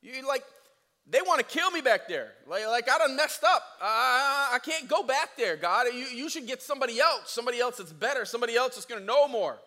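A man's voice: extremely high pitch, lively intonation, brisk, sharp tone, pitched above the performer's own voice, heavily acted. A man voicing Moses as a frightened, stammering man pleading with God. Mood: panicked pleading. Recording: echoey hall.

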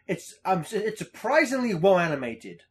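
A man's voice: high-pitched, very animated, normal speed. A man co-hosting a podcast in casual chat, rambling, swearing and laughing often. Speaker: podcast co-host.

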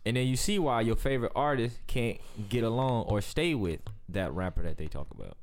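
A man rambles through opinionated, profane takes on a casual podcast. His voice sits at a middle pitch but moves around a lot. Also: expressive, brisk, a little hiss or hum. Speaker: podcast co-host.

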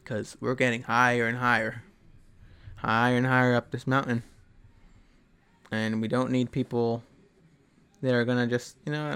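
A young man with a gravelly, fry-laden voice at a middle pitch talks straight into his podcast. His motivational monologue rambles and is thick with swearing, blunt and unpolished. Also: steady tone, unhurried, pauses often, fairly bright tone. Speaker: podcast host.

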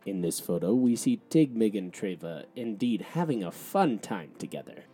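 A man co-hosting a podcast, describing a storybook's pictures one by one in a deadpan, matter-of-fact way. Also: on the low side, moderate pace. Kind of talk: picture-by-picture commentary.

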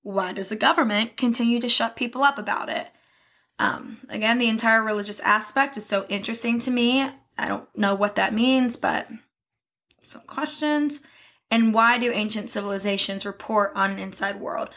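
A woman's voice: a little high, moderate pace, fairly bright tone. A young woman co-hosting a podcast in casual chat, chatty and often laughing. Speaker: podcast co-host.

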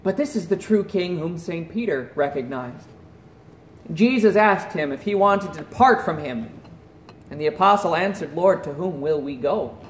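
A man preaching a sermon in an earnest voice that drops to a hush at solemn points. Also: sits high, expressive, moderate pace, reverberant, a little hiss or hum. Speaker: pastor.

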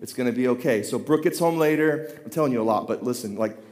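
A pastor in his thirties telling a self-deprecating, animated story from the pulpit. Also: medium pitch, fast. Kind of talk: storytelling sermon. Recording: long hall reverb.

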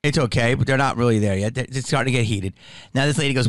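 A man's voice: fairly high pitch, lively intonation, fairly quick, dry recording. Heated, foul-mouthed male comedian ranting. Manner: profane, heated and indignant. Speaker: stand-up comedian. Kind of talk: ranting commentary to camera.

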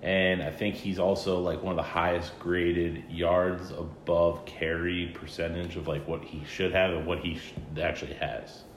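Low-ish voice, laid back guy rambling bout football, echoey room. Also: flat delivery, normal speed, hardly any pauses. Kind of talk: casual chat. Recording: echoey room, faint ambient noise.

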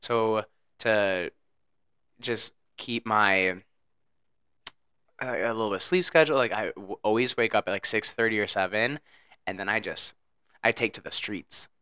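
A man's voice: lowish voice, measured pace, long pauses, clean tone, no echo, studio quality. A man co-hosting a podcast, talking in playful casual chat full of jokes. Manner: playful, joking, very lively intonation. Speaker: podcast co-host.

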